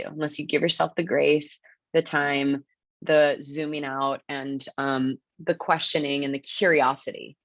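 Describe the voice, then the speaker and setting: A low-pitched woman gives a relaxed, upbeat webinar talk, checking in with her listeners often and tossing in plenty of "like". Her voice is close and dry, carried over a dull, lo-fi video-call line. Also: no echo. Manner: chatty, upbeat, peppered with "like" and "right?". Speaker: webinar presenter. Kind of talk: casual teaching talk.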